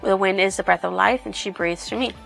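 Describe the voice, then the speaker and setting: A woman's voice: mid-range voice, a little fast, creaky, fairly bright tone, faint music behind. A woman voicing a stern male wind demon captain in a retold story.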